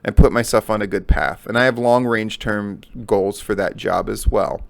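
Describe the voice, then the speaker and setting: With vocal fry in a voice on the low side, this middle-aged man talks at normal speed with fairly even intonation. He's commenting alone on wrestling news, swearing heavily, bluntly profane, and hammering his points through repetition.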